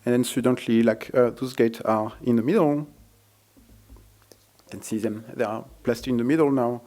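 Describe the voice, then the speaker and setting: A man presenting a live technical demo at a conference, speaking haltingly with many fillers and restarts. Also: medium pitch, fairly even intonation, dark tone. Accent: French.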